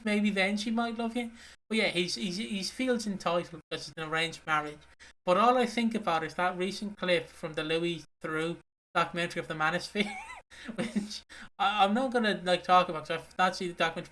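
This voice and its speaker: Bright-voiced man rambling. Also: high-pitched, moderate pace. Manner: rambling, laughs often, swears. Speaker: co-host. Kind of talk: casual podcast chat.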